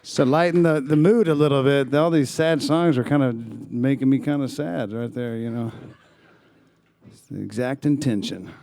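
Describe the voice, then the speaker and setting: Mellow-voiced man chatting from stage. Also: mid-range voice, moderate pace, creaky, dry recording. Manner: rambling, self-deprecating storyteller. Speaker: singer-songwriter performing live. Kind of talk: relaxed stage banter between songs. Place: small live music club.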